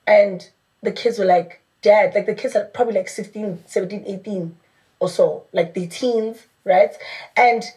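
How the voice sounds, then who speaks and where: A woman's voice: medium pitch, fairly even intonation, moderate pace, darkish tone. South African woman retelling gossip animatedly. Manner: acts out quoted people, lots of "like". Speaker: podcast co-host.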